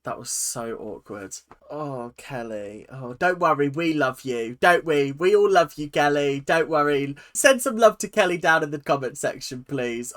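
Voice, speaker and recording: A chatty reaction-video host, animated and swearing casually, laughing often into a close mic. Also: medium pitch, normal speed, few pauses.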